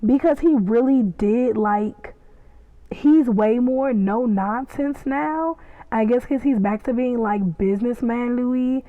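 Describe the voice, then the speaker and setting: A woman giving a casual, excitable recap and reaction, chatty and acting out the scenes as she tells them. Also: a little high, slow pace, no room sound, phone-quality sound. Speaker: podcast reviewer.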